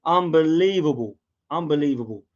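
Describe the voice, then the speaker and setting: An English man hosts a live watchalong and talks through the match as it happens, his voice a touch high. He erupts into shouts when the team scores. The sound is muffled and lo-fi. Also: normal speed. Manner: excitable, shouts at goals, reads out viewer comments. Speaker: podcast host doing a live watchalong. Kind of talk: live match commentary and fan reaction. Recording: dull lo-fi mic.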